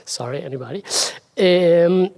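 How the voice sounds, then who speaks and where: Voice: medium pitch, a little slow, creaky, warm tone. Lecturer thinking aloud. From Italy. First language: Italian. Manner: thinking aloud, self-deprecating asides. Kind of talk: academic talk.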